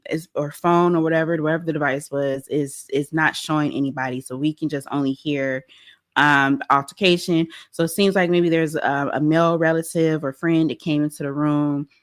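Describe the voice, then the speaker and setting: A young adult woman hosting a pop-culture commentary show, animated and blunt, acting out quotes as she goes. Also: deep voice, normal speed. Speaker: host.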